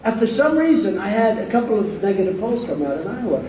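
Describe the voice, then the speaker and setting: A candidate's rally speech fills a big, crowded hall: boastful, rambling, repetitive, with sarcastic digs at the press. His voice sits high and is a little mellow, very animated and fast. Heard from a distance, the hall echoes and the crowd is audible.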